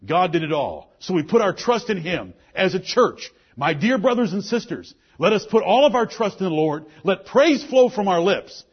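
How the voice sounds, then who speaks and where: A man's voice: sits high, very animated, moderate pace, hardly any pauses, husky, lo-fi sound. A male pastor preaching a sermon to his congregation, emphatic and fervent, often quoting scripture in old-fashioned biblical wording. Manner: emphatic preaching with King James scripture quotes.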